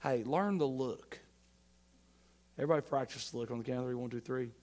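A man preaching a sermon as pastor, folksy and playful, swinging between loud emphatic lines and quiet asides. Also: mid-range voice, a little fast. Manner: folksy humor, playful mock dialogue.

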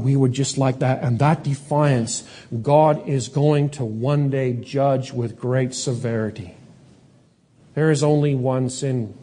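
A man preaching a sermon, asking rhetorical questions and slowing down to stress key words. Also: medium pitch, warm tone, breathy edge. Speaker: pastor.

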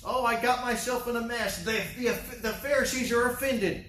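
A man's voice: extremely high pitch, fairly even intonation, moderate pace, a bit bright, voice pushed up. A man acting out a fretful, groveling man who stammers apologies, in an echoey room away from the mic. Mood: panicked. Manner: stammering, pleading, flustered. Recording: echoey room, distant mic, faint hiss.

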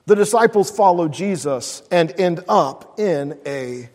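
A man's voice: sits high, lively intonation, a little slow, darkish tone. A male pastor preaching a sermon in a casual storytelling way, full of "like" and "uh". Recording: long hall reverb.

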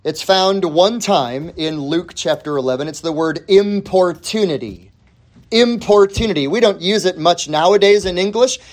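A man preaching a sermon as pastor, emphatic, repeating key words and swinging between loud and hushed delivery. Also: high-pitched, normal speed.

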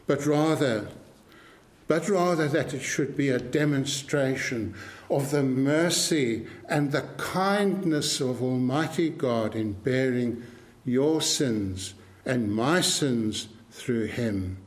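A man's voice: medium pitch, slow pace. A man preaching a sermon in an earnest, emphatic way, repeating his key phrases for weight.

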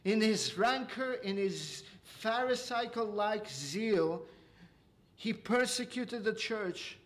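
A man with a notably high voice delivers an expository sermon. He speaks earnestly, often hesitating and restarting mid-phrase. He slows down and lifts his voice when he wants a point to land. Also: expressive. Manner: slows and rises for emphasis. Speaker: preacher.

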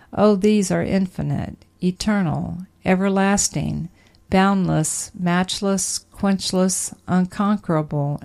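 A woman reading an old sermon aloud in a measured, emphatic preaching manner. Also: fairly low pitch, creaky, a little mellow. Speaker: sermon reader.

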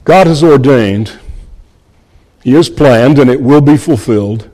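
A man's voice: medium pitch, animated, unhurried, mellow, in a large hall. A man preaching an expository sermon, earnest and emphatic, repeating key phrases and addressing his listeners as friends.

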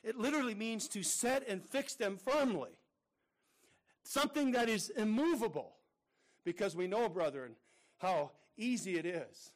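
High-voiced male preacher, earnest. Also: expressive, a little slow. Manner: earnest, rhetorical questions, addresses listeners as brethren. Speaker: pastor. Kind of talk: sermon.

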